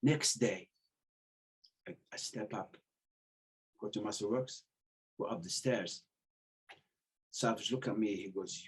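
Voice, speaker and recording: A middle-aged man telling stories in casual chat, animated, acting out the voices of the people he quotes and swearing freely. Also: lowish voice, slow pace, long pauses, slightly rough. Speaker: podcast guest telling stories.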